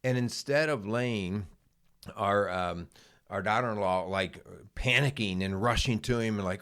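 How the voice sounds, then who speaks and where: A middle-aged man with a lowish voice talks casually on a podcast, winding through his story with fillers and restarts. He speaks the way a co-host chats with his partner. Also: a little slow, fairly bright tone. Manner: rambling, with many fillers and restarts.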